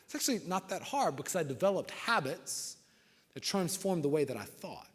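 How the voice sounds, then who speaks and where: Man, motivational speaker, high voice, humorous storytelling, animated, long hall reverb. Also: fairly quick. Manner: animated, keeps asking the crowd "right?".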